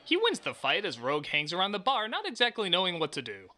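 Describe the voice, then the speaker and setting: A man's voice: high voice, wildly swooping pitch, fast talker, sharp tone. A man narrating a comedic film review, sarcastic and prone to exaggerated outbursts.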